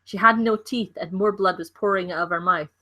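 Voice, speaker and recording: A woman's voice: mid-range voice, fairly quick, bright, forceful tone. A Scottish woman co-hosting a livestream, reading a story aloud with stumbles, self-corrections and giggles. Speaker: co-host reading stories aloud.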